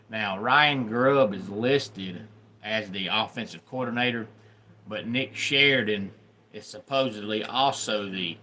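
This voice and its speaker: A man from the Deep South with a Southern accent, hosting a casual live stream, chatting about college football and greeting viewers by name. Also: pushed and bright, a little hiss or hum. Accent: Southern American. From Deep South, USA. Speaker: livestream host.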